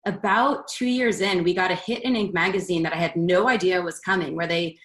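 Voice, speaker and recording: Low-voiced woman in an echoey room. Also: a little fast, a bit bright. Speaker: podcast guest, networking founder. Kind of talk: casual interview chat.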